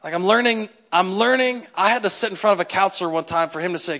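A man preaching a sermon in a conversational, animated way, acting out the people in his stories. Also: high voice, quick pace, few pauses. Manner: animated, conversational, acts out quotes. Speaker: pastor.

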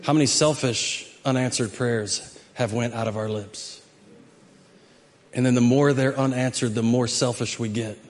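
A man preaching a sermon as a pastor, animated and emphatic, with conversational asides to the congregation. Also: medium pitch, unhurried. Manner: animated, emphatic preaching that acts out prayers and climbs to shouts.

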